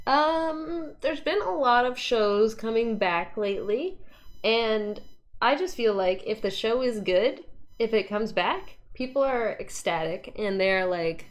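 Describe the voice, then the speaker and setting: A woman's voice: fairly high pitch, expressive, slow. A young woman from Canada, a cosplayer chatting casually as an interview guest, laughing often and mimicking voices.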